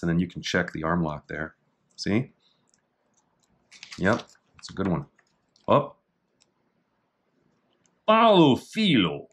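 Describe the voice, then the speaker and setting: A middle-aged man casually talking through techniques in a martial arts book, with dry offhand asides and slow, halting reading of foreign terms. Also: sits low, a bit bright. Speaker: jiu-jitsu instructor reviewing a technique book. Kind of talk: casual commentary.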